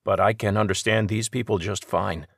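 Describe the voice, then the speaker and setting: An earnest army major who answers his superiors with respect and a firm edge, voiced by a man reading an audiobook. The voice stays deep and plain. The recording is close and dry. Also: steady tone, moderate pace, creaky, no room sound. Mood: defensive.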